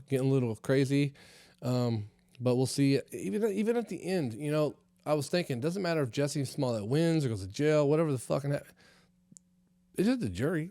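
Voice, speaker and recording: Brief: casual, profane male podcast host, mid-pitched, loose and rambling, dry close recording. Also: darkish tone, dry recording. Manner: rambling and profane, many fillers. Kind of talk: casual comedy podcast monologue.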